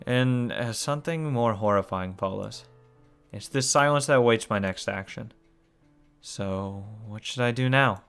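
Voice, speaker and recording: A man with a mid-range, slightly bright and clean-toned voice reads a visual novel aloud as a let's play host. Between lines he breaks off into shocked cursing and groans.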